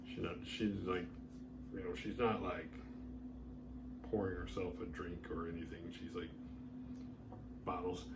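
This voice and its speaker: A man with a fairly low voice recaps a horror film as a show host. He rambles casually and leans on filler words. A faint room hum sits behind him. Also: level tone, unhurried, long pauses. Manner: rambling, heavy use of "like" fillers. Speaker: horror movie review host.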